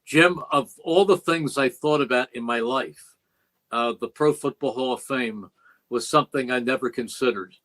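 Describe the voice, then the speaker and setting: A longtime play-by-play announcer, now older, recounts stories as a podcast guest in the studio, his medium-pitched voice fairly bright at a moderate pace. The recording is rough. His retelling is reflective and emotional, with quoted dialogue.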